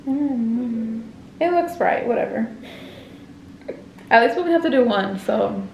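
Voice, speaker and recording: A woman's voice: fairly high pitch, animated, a little slow, vocal fry, roomy sound, muffled recording, slight background noise. A woman in her twenties chatting casually to her viewers in a vlog, loose and slangy, swearing freely. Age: 20s. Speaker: vlogger. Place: at home and around a college campus. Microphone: handheld camera.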